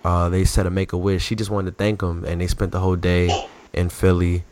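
Deep-voiced man telling a sports story. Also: brisk, slight background noise. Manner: animated storytelling, slangy. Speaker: podcast co-host. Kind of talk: casual sports chat.

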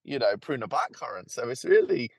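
A man talking as a podcast guest, with a husky, slightly breathy voice that swoops up and down a lot. His delivery is lively and chatty. The recording is dry and close, with no room sound. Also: mid-range voice, brisk, no echo. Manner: lively, chatty, laughs easily. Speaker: podcast guest, plant marketer and author. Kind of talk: casual conversation.

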